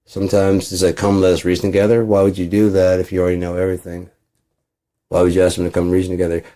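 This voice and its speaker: A man's voice: sits low, monotone, fast, warm tone. A man rambling in a casual monologue, profane, acting out both sides of imagined conversations. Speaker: channel host.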